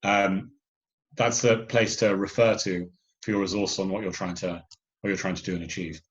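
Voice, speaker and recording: Deep-voiced man briefing hackathon teams. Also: fairly even intonation, moderate pace, dull audio. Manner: loose, filler-heavy explaining with restarts. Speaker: hackathon organizer. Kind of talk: online workshop briefing.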